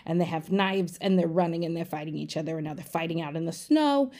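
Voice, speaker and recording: A woman giving a rapid, casual, run-on plot recap for a podcast, peppered with profanity. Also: lowish voice, warm tone. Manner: breathless run-on storytelling, profane. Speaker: podcast segment presenter.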